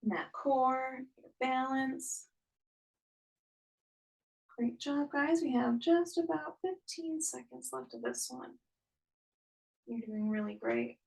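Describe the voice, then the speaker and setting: A woman's voice: sits high, expressive, takes it slowly, creaky, long pauses, a little mellow, distant mic, low-quality recording. A young woman leading a live online workout class, cheering people on and counting down each interval. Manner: upbeat, encouraging, counts down intervals. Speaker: fitness instructor.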